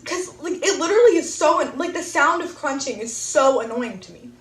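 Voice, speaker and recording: A woman's voice: high-pitched, animated, a little fast, recorded from a distance. A teenage girl in casual chat, saying "like" often as she airs gripes. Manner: chatty, says "like" constantly. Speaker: co-host. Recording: echoey room from off-mic.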